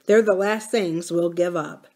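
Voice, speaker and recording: A woman reading the part of a thoughtful older farmer, in a musing, gently philosophical manner. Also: high voice, fairly even intonation, a little slow.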